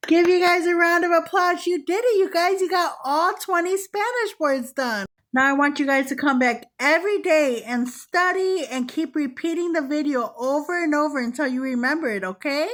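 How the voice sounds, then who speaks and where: A young woman teaching Spanish words to children in a slow, repetitive drill, with upbeat, encouraging praise between words. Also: high voice, a bit bright. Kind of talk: slow, repeated vocabulary drill for kids.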